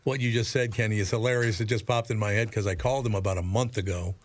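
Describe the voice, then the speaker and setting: A man's voice: on the low side, fast talker, slight background noise. An older man from Minnesota, a radio broadcaster guest, telling wry, laugh-filled stories in casual chat. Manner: wry storyteller, animated laugh-filled anecdotes.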